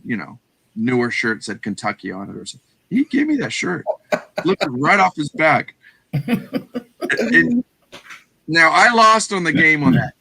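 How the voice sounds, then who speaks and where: A middle-aged man with a Texan accent, casually telling a reselling story on a show, animated and acting out the people he quotes. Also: on the high side, no room sound. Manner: animated, acts out quoted voices, swears casually. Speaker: guest reseller.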